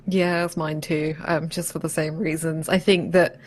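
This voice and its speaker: A woman co-hosting a podcast with a somewhat low voice for a woman. She talks loosely and laughs easily. She peppers her sentences with "like". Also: level tone, normal speed. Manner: peppers speech with "like". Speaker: podcast co-host. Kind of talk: casual chat.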